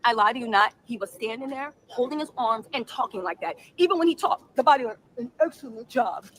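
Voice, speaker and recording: A woman host talks quickly over her live reaction stream, her voice pitched high. She rattles off sassy commentary on the news and keeps stopping to thank viewers by name. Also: lively intonation, a bit bright, slight background noise, poor audio. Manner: sassy, fast-talking, mimics people she describes. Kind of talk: animated commentary chat.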